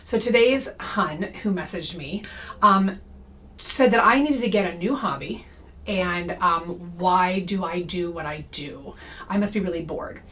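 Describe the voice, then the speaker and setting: A woman's voice: on the low side, a little slow, a bit bright. A young adult woman giving a casual monologue about comedy and parody, talking conversationally and often checking in with "okay?" and "right?". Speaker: comedy creator and anti-MLM commentator.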